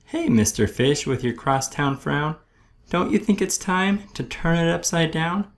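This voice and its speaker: A man's voice: fairly high pitch, unhurried, voice pushed up. A man doing a cheerful storybook clam lady. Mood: coaxing. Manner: friendly teasing, rhyming. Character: cheerful friendly female clam.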